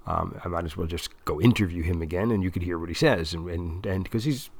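A man's voice: low-pitched, a little fast, vocal fry. A man explaining a plan at length in a casual, rambling way with many restarts. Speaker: interviewer recording a monologue.

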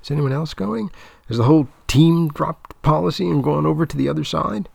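Male reader raising his voice to play a scornful young woman debater, husky, dry. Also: on the high side, fairly quick, a little mellow, no room sound, voice pushed up, heavily acted. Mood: scornful, upset. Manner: indignant, scornful. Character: upset young female debater, sharp-tongued.

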